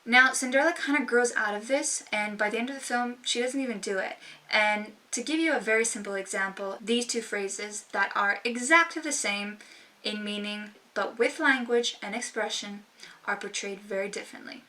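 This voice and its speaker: A young woman vlogger talks to camera in a sassy, emphatic, informal way, her mid-range voice sharp in tone and moderate in pace. She sounds slightly distant from the mic.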